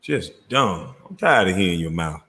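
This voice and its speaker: Husky-voiced man ranting with swings in pitch. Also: sing-song, moderate pace. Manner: mocking, cursing, laughing loudly. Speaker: commentary channel host. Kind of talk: profane reaction rant.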